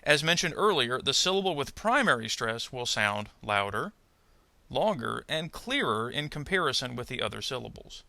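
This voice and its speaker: Guy teaching english pronunciation, gravelly but bright voice, calm step by step explaining. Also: medium pitch, no echo. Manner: measured, explanatory, careful. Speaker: adult ESL pronunciation teacher. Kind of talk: instructional narration.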